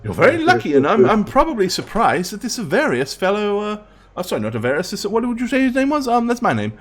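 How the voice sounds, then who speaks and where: A man voicing an excitable, fussy male wizard scholar who stumbles over his words. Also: sits high, fast, soft background music, pitched above the performer's own voice, heavily acted. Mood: flustered.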